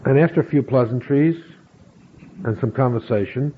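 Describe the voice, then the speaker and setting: A middle-aged man slowly telling a personal story, acting out bits of dialogue. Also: mid-range voice. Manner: slow, measured storytelling with acted quotes. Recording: phone-like narrow sound with faint hiss.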